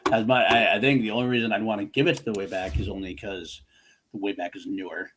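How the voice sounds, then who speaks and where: A man's voice: fairly low pitch, steady tone, a bit bright, a little hiss or hum. A man co-hosting a casual movie podcast, talking enthusiastically with swearing and frequent laughs. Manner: enthusiastic, profane, quick to laugh. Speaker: podcast co-host.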